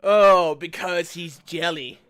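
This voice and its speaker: A man's voice: sits high, fairly even intonation, slow, a bit bright, clean tone. A man playing a tabletop role-play game, joking around and laughing often. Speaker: player.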